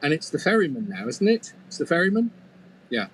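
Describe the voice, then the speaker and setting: A man's voice: fairly high pitch, big pitch swings, fairly quick, slight background noise. A man telling a folk tale as a storyteller, playful, with humorous asides. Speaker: storyteller and mythologist.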